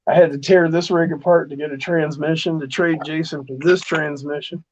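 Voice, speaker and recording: A man with a fairly high voice, chatting casually on a live stream and teasing his friends with plenty of laughs. His audio sounds dull and low in fidelity. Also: fairly even intonation, a little fast, a little mellow, a little hiss or hum. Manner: joking, laughs often. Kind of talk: casual chat.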